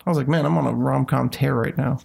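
Very gravelly voiced guy, laid back, lots of ums and likes. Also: mid-range voice, fast talker, a little mellow. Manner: easygoing, filler-heavy, wry. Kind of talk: casual chat.

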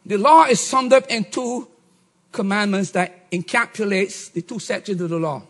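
A middle-aged man preaching a sermon, swinging from shouts to low murmurs. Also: normal speed. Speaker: pastor.

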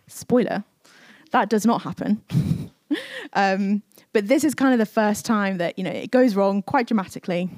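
At a church service, a woman preacher delivers a casual, conversational sermon. She is chatty and uses many fillers, acting out quoted speech. Her medium-pitched, slightly mellow voice moves at a normal speed, with no echo.

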